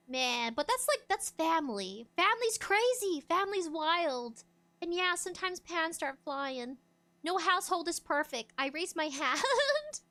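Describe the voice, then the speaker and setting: A woman streamer chatting casually, laughing often and acting out bits of dialogue in loud bursts. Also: high-pitched, animated, a little slow. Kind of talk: casual chat.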